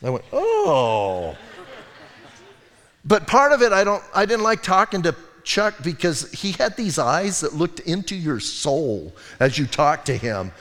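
A male pastor preaching a sermon in a relaxed, conversational way, telling stories with asides and restarts. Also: a little high, normal speed, hardly any pauses, in a large hall. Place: church sanctuary.

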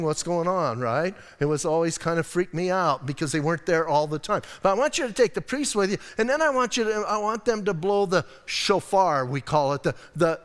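A middle-aged man preaches in an easy, conversational way, often turning to his listeners directly. His voice sits fairly high. Long reverb from a church hall trails behind him. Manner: casual, chatty, addresses listeners as "man". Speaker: pastor. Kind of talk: conversational sermon.

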